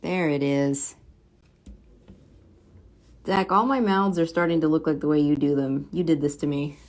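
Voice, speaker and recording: A woman's voice: low-pitched, measured pace. Chatty woman drawing on a livestream. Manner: chatty, mutters softly to herself while working, reads viewer comments aloud. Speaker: comic book artist streaming a drawing session. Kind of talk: casual livestream chat while drawing.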